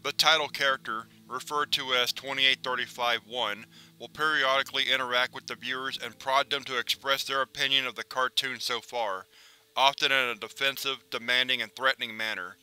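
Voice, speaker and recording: A man reading a document in measured, formal scripted narration. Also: mid-range voice, fairly even intonation, sharp tone, smooth.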